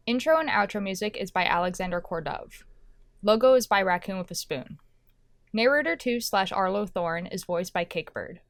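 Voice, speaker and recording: A woman reading the end credits of her podcast in a plain, steady way. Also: medium pitch, no echo, clean studio sound. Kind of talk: scripted credits read.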